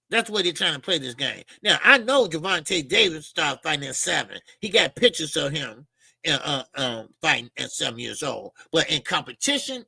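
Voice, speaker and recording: High gravelly-voiced ranting man. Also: dry recording. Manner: loud, emphatic, mocking, swears freely. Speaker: boxing talk show host. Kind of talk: ranting casual commentary.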